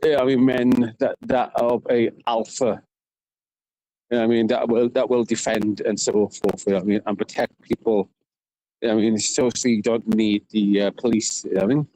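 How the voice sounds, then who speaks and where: A man's voice: medium pitch, steady tone, fairly quick, mellow, no room sound, low-quality recording. A man with a Welsh accent from South Wales, vlogging while he walks around town. He rambles, laughs often and keeps asking "you know what I mean". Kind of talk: rambling walk-and-talk vlog. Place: outdoors, walking around town.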